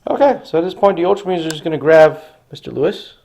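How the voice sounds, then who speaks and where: A man's voice: fairly high pitch, animated, fast, vocal fry, a little mellow. Enthusiastic man narrating a tabletop battle. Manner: enthusiastic, dramatizes the action. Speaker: hobby wargamer. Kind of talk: casual battle report narration.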